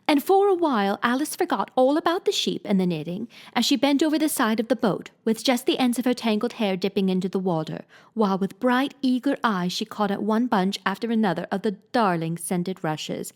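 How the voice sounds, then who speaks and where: Woman, storybook reader, read-aloud narration, fairly high voice, very lively pitch, expressive. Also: brisk, few pauses. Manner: expressive, gently dramatic reading.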